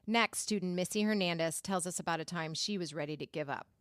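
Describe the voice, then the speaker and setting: A woman hosting a writing-class radio episode, narrating her own story in a calm, reflective way. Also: fairly low pitch, a little fast, dry recording. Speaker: episode host.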